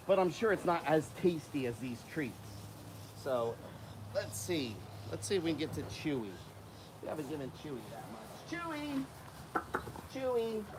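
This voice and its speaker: Animated man calling to gators outdoors. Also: on the high side. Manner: animated, calls animals in a coaxing voice. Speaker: alligator keeper and channel host. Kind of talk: casual vlog talk while feeding animals. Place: outdoors at alligator pens, windy. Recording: noisy outdoor recording.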